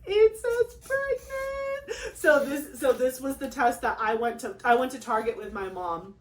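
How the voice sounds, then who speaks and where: A young woman with a fairly high voice tells a long personal story in a casual vlog. She rambles excitedly, full of fillers and quick acted-out quotes. The room around her is echoey. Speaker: craft channel host.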